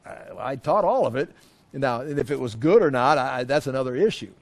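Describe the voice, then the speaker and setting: A middle-aged man teaching a verse-by-verse sermon, emphatic and animated, full of rhetorical asides and restarts. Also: mid-range voice, fairly quick. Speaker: Bible teacher.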